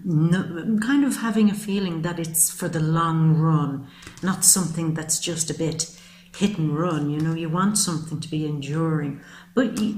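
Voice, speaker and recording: Woman tarot reader, low-pitched, earnest and flowing, roomy echo. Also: a little mellow. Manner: earnest, flowing, repeats phrases for emphasis. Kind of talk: monthly tarot reading to camera.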